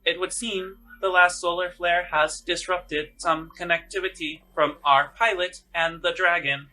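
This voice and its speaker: A man voicing a starship's public address announcer making a slow, formal announcement in a tabletop game. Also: high-pitched, steady tone, pushed and bright, pitched above the performer's own voice, exaggerated voice, low-quality recording.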